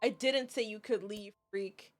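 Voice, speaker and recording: A woman's voice: mid-range voice, unhurried, soft background music, close to an everyday voice. A woman voicing a cruel young village bully boy from a game story, with a taunting, sneering delivery.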